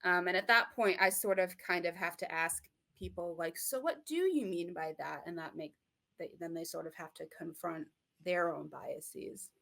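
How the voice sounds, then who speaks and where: Young midwestern woman, low gravelly voice, hesitant, lots of ums. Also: flat delivery, normal speed, sharp tone. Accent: American Midwestern. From Michigan, USA. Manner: thoughtful, hesitant, many fillers and restarts. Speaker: interview guest. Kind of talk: casual interview talk.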